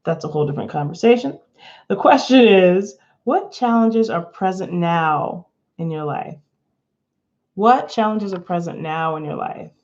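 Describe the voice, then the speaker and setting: An adult woman hosts a casual live tarot stream, giggling and rambling between the cards and her viewers. Her fairly low, slightly mellow voice is animated but measured in pace. The webcam or phone sits below her, giving slightly dull lo-fi audio.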